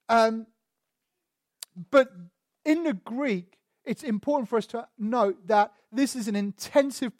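A man's voice: high-pitched, no echo, clean studio sound. A man preaching a sermon and explaining words one by one, asking rhetorical questions and stressing single words. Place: church sanctuary.

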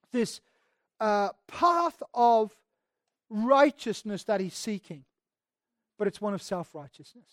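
A preacher giving an expository sermon in a conversational, emphatic way, often restarting phrases and acting out quoted speech with sudden swings in loudness. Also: medium pitch, no echo, clean studio sound. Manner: acts out quoted speech with sudden shifts in volume.

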